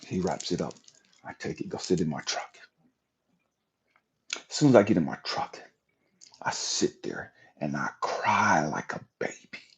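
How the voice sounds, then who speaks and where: A man's voice: low-pitched, lively intonation, unhurried, pauses often, slightly rough. A man hosting a livestream, telling an emotional personal testimony in a raw, profane storytelling manner. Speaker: livestream host.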